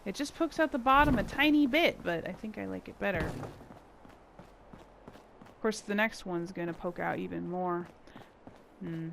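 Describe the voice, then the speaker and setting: A woman's voice: medium pitch, moderate pace, vocal fry, pauses often, fairly bright tone, slight background noise. A woman giving casual gameplay commentary, muttering and thinking aloud to herself as she builds. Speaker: gameplay channel host.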